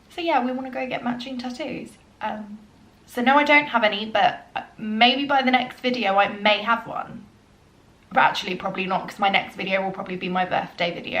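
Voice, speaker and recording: A young adult woman talking casually through a get-to-know-me Q&A, earnest and chatty with frequent ums, sometimes soft and emotional. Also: mid-range voice, roomy sound. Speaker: vlogger.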